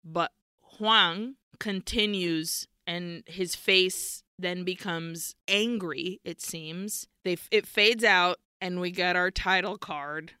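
A woman's voice: lowish voice, slow, pushed and bright, clear, resonant tone, no echo, studio quality. A woman co-hosting a podcast, retelling a film scene by scene in a candid, casual way. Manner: candid, retelling scenes in detail with nervous laughs. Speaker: podcast co-host. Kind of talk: casual movie recap chat.

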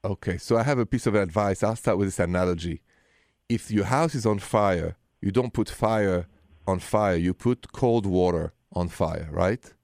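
A man hosting a call-in relationship advice radio show, giving calm, gentle advice. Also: low-pitched, moderate pace, no echo, clean studio sound.

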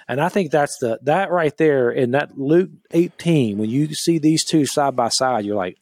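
A man's voice: on the high side, a little slow, few pauses, a little mellow, dry recording. A man co-hosting a podcast, leading a Bible discussion and reading scripture aloud in an earnest, emphatic way with frequent restarts. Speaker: podcast co-host.

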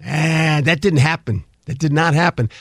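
Older male ex-coach guest, lively storyteller, high bright voice, dry studio sound. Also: moderate pace, no echo. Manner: animated storyteller, lively, repeats words. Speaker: former coach, guest analyst. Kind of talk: casual sports talk.

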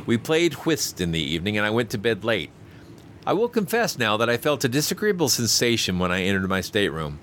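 Low, lively male story narrator. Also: fairly quick, faint music behind. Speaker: audiobook narrator. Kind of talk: first-person story narration.

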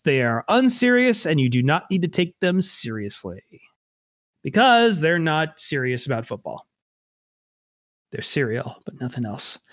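Man, fairly high voice, podcast host, sarcastic, dry sound. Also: sing-song, a little slow, a bit bright, no echo. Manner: sarcastic, joking. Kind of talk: casual sports podcast chat.

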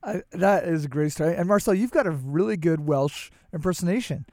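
A man hosting a podcast interview, asking long questions haltingly with many restarts and "uh"s. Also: a little high, animated, a little mellow, dry recording, clean studio sound. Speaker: podcast host.

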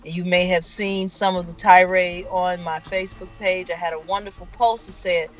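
A woman's voice: lowish voice, steady tone, normal speed, hardly any pauses, muffled recording. A woman co-hosting a casual podcast, sassy and indignant as she recounts a story. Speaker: podcast co-host. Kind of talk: casual chat.

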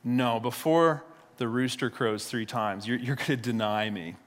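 Preacher doing a calm male teacher, gently firm, mid-pitched, long hall echo. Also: a little slow, natural voice.

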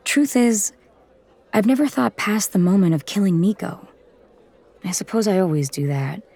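Low-voiced woman narrating an audiobook. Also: darkish tone. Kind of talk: first-person audiobook narration.

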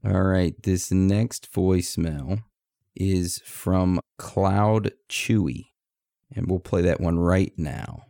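A man's voice: low voice, slow, vocal fry, warm tone, no echo, clean studio sound. A man co-hosting a casual podcast, laid-back and jokey as he introduces listener voicemails. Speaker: podcast co-host.

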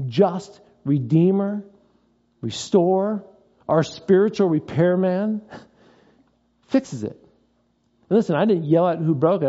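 A male pastor delivers a conversational sermon in a fairly high yet mellow voice. He mixes scripture with everyday stories from home. The sound is a little dull. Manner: conversational preaching with personal stories.

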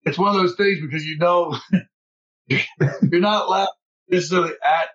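A man who was a relief pitcher, a podcast guest telling stories in a playful, self-mocking way. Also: moderate pace, fairly bright tone, lo-fi sound. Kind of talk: casual storytelling chat.

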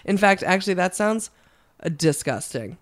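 A woman's voice: fairly low pitch, lively intonation, normal speed. A woman co-hosting a podcast in casual chat, joking and swearing as she reads out trivia. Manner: joking, profane, reads facts aloud. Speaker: podcast co-host.

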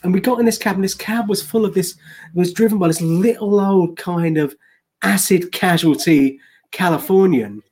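A man's voice: high voice, moderate pace, darkish tone. An English man co-hosting a casual chat, telling rambling anecdotes with frequent restarts and laughs.

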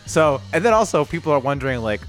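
A man's voice: fairly high pitch, very animated, fast talker, faint music behind. A man co-hosting a casual sports podcast, talking bluntly with profane jokes. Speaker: podcast co-host.

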